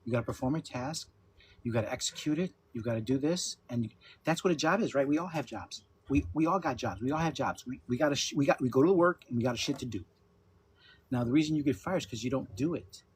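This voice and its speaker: A man in his fifties hosts a casual livestream chat at home with his dogs. His medium-pitched voice has lively intonation and a quick pace, with slight background noise. He laughs often and talks loosely, with some swearing.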